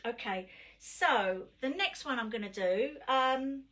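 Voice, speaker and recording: Middle-aged woman, performance poet, punchy rhymes, high-ish voice. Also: moderate pace, hardly any pauses, a bit bright. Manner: chatty between poems, rhythmic and punchy reciting rhymes. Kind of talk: live-streamed poetry performance. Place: home, livestream.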